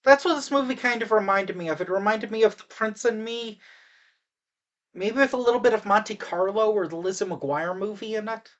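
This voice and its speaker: A woman's voice: medium pitch, normal speed, dull audio. A woman casually recapping a movie, rambling with fillers and restarts, and talking to the audience in asides.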